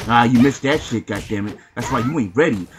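A man giving live fighting-game commentary, boasting and trash-talking the opponent with heavy profanity, often shouting. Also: mid-range voice, a little fast, background noise. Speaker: gameplay commentator.

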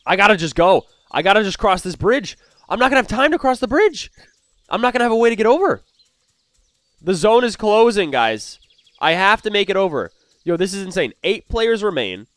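A young man commentating his own gameplay for viewers. His voice sits a little high and leaps around constantly, dropping to quick mutters and then bursting into loud excited yells. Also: dry recording. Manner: excitable, jumps between hushed muttering and loud outbursts. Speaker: gaming YouTuber.

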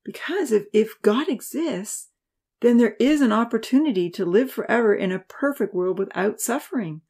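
A woman's voice: on the high side, normal speed, a little mellow, husky, pitched above the performer's own voice. A woman voicing an earnest, nervous young male student who pleads and explains eagerly. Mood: pleading.

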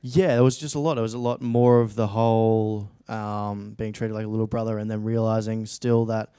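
A man's voice: lowish voice, flat delivery, normal speed, warm tone, clear, resonant tone, no echo. A young Australian man in his late teens, an actor chatting casually in a studio interview, rambling with frequent restarts and fillers. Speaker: actor guest.

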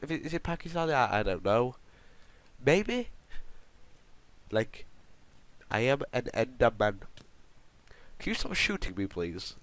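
A man's voice: mid-range voice, big pitch swings, normal speed, pauses often, a bit bright. A man hosting a gaming video, rambling and joking to his viewers as he plays. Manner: rambling, jokey, chatting to viewers. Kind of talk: gameplay commentary.

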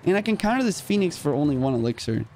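A young man streaming a mobile game, calling out each move in quick play-by-play while a little short on sleep. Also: on the high side, very animated, a little mellow, slight background noise. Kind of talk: live gameplay commentary.

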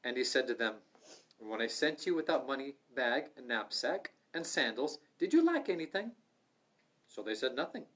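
A middle-aged man leading a livestreamed Bible study, earnest and conversational, swinging from loud urging to soft asides. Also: medium pitch, moderate pace. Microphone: livestream microphone.

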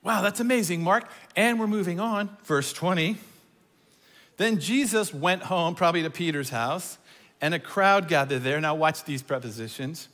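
Male preacher, fairly high voice, big reverb-heavy church hall, animated delivery that swings loud to hushed. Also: moderate pace. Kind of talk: sermon. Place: church auditorium. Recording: long reverb of a large hall.

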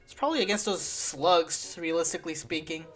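A woman's voice: fairly low pitch, lively intonation, a little fast. Swearing, exasperated woman gamer. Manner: profane, exasperated, sarcastic. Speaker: gaming video host. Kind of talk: let's play commentary. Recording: faint game music behind.

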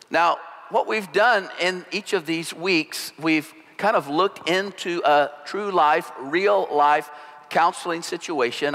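A male pastor preaching a sermon in a relaxed, conversational, joking storytelling manner. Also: on the high side. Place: church sanctuary. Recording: long hall reverb.

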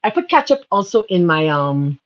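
A woman's voice: on the low side, big pitch swings, normal speed. A Bahamian woman hosting a live cooking show, chatting casually, laughing, and turning tearful and spiritual as she talks. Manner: emotional, laughing, spiritual asides. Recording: slightly dull audio with faint noise.

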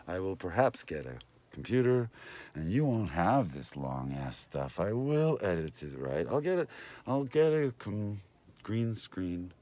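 Slow, lively-pitched rambling man. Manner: meandering, talks to viewers and passersby. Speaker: vlogger and host. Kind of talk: rambling casual vlog.

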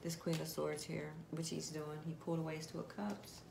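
A low-pitched woman with vocal fry speaks briskly while giving her viewers a casual tarot reading. She is chatty and direct, asking questions of spirit aloud, and the echoey room carries steady background noise.

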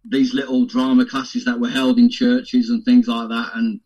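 In a lo-fi recording, a male actor guesting on a podcast spins stories in a relaxed interview. His medium-pitched voice moves at a moderate clip, and he laughs a lot and slips into put-on voices for the characters in his anecdotes, keeping things lively.

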